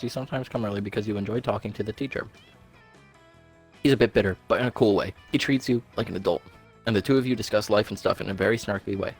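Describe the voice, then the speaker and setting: A man's voice: medium pitch, darkish tone. A man reading game text aloud on a live stream with casual banter. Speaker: streamer playing a dating game.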